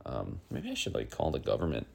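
A man with an extremely deep voice full of gravelly fry hosts his own little comic news show. He rambles along with plenty of fillers and drifts into irritable, exasperated rants. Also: wildly swooping pitch, a little fast, a little mellow. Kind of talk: casual rambling comic monologue.

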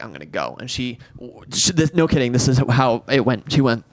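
A man's voice: mid-range voice, brisk, hardly any pauses. This is a young man in his twenties telling a story on a casual podcast, with a voice in the middle of the usual range for a man. He talks loosely and swears a lot, and he jumps into the voices of the people in his story as he goes. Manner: animated, swearing, acts out quotes. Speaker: podcast co-host.

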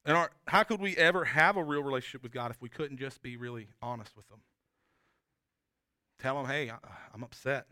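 A man's voice: mid-range voice, fairly even intonation, a little fast, pauses often, sharp tone, dry recording, clean studio sound. A man preaching a sermon as pastor, talking in an earnest, conversational way with frequent restarts and tag questions.

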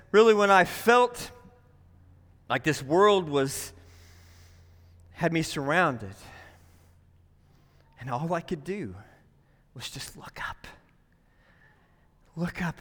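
A man delivers a sermon in a church sanctuary, pressing each point home and checking in with the room. His voice sits high and sounds bright and edgy, with a long hall reverb trailing behind. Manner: emphatic, says "right?" often. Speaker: pastor.

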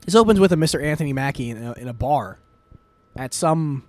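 A man's voice: on the high side, lively intonation, a little fast, crowd noise. A man hosting a podcast in casual chat, retelling things in a rambling way with many fillers and swearing. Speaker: podcast host.

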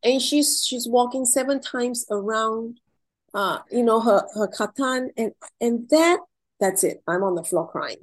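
A woman's voice: on the high side, lively intonation, a little slow, poor audio. A middle-aged woman being interviewed, telling heartfelt personal stories in an emotional, effusive way and repeating words when she is moved.

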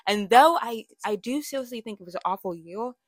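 A young woman's fairly high-pitched voice carries lively intonation at a fairly quick pace, with no room sound. As a podcast host, she talks candidly in a casual monologue, frequently restarting and filling gaps with fillers.

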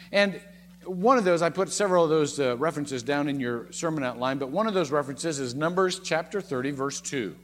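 A man preaching a sermon as pastor, speaking expressively and swinging his pitch up and down as he makes his points. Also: in a large hall, a little hiss or hum. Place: church sanctuary.

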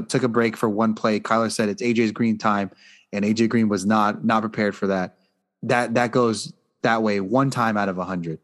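A man co-hosting a casual sports talk show, ranting in a fired-up, profane way. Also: lowish voice. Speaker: podcast co-host.

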